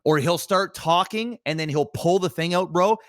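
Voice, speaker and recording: Man, podcast co-host, animated casual chat, swears a lot, slightly high voice, dry close sound. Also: moderate pace, dry recording. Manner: animated, swears often, many restarts.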